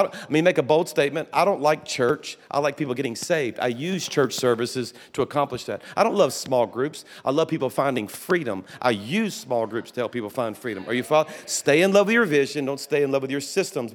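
A man pastor, telling folksy stories in a sermon full of restarts and asides. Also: medium pitch. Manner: folksy storytelling with restarts and laughter. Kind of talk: conference sermon. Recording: long hall reverb.

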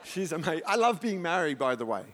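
A middle-aged man preaching from the pulpit, his voice pitched high for a man. He tells stories with animated energy, cracking jokes and hitting his punchlines loudly. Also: fast. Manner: animated storyteller, jokes, loud comic peaks. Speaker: pastor. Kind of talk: sermon.

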